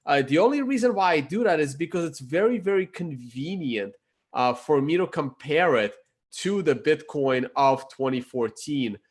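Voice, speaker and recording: Male chart commentator, higher voice, casual and halting, a bit croaky. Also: lively intonation. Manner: halting, many fillers and self-corrections. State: losing his voice, clearing his throat. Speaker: crypto chart analyst.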